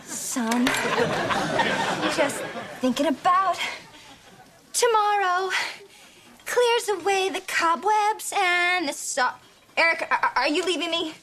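An actress playing a sardonic young woman who calls herself dark and edgy and is easily flustered. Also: on the high side, expressive, normal speed, crowd noise, close to an everyday voice. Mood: rattled. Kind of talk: sitcom acting.

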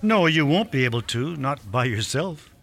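An actor playing a kindly, patient older male mentor who gives calm, unhurried advice. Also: mid-range voice, soft background music. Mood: gentle. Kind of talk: radio drama acting.

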